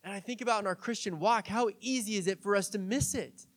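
High-voiced young male pastor, chatty sermon. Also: quick pace. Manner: conversational, chatty with fillers and jokes. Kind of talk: casual storytelling sermon.

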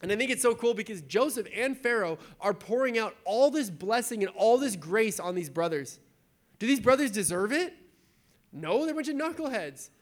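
A man with a notably high voice gives a sermon in a church. He reads scripture aloud, then talks it through loosely and conversationally, full of "like" and "right?". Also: lively intonation, normal speed. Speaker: preacher.

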